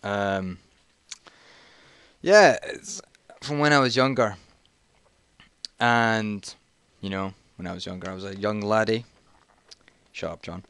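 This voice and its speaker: A man's voice: on the low side, measured pace, pauses often, a bit bright, smooth, no echo. A man, telling a jokey, rambling story in a casual vlog while playing a video game and getting sidetracked. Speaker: vlogger.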